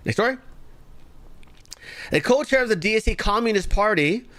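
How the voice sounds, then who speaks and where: A man hosting a live online show, ranting sarcastically through his political commentary. His voice sits a little higher than most men's. It is heard close and dry, with almost no room sound. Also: animated, normal speed, a bit bright, no echo. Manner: sarcastic, mocking.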